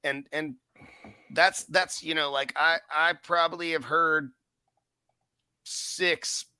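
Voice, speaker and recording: A man's voice: a little high, takes it slowly, clear, resonant tone, no room sound. A man telling stories in a casual podcast chat, swearing freely and acting out what he and others said. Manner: profane, animated storyteller who acts out his own quotes.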